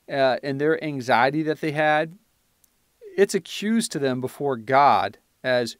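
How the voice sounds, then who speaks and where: A man with a fairly high-pitched voice teaches from the Bible for his podcast. He reads the verses out with mounting force, then slips into casual explanation full of "you know" and restarts. The sound is close and dry, with no room echo. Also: sing-song, moderate pace. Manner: reads scripture aloud with rising emphasis, then explains in loose chat with fillers.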